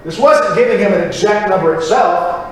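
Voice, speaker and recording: A man preaching a sermon in a church, acting out prayers in a lively, conversational way. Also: sits high, moderate pace, a little hiss or hum. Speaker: pastor. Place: church chapel. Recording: echoey church recording from far off.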